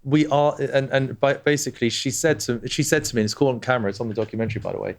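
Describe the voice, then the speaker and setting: A man's voice: medium pitch, rapid-fire, creaky. A man, a brand co-founder talking as a guest, enthusiastic and rambling with many restarts. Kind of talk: casual conversation.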